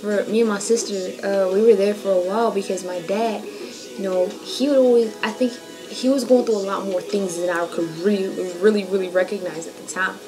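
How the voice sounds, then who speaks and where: A woman's voice: mid-range voice, steady tone, a little fast, rough recording. Young woman telling her story casually. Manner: casual and slangy, emotional, candid. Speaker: vlogger. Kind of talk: personal storytelling vlog. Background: background music.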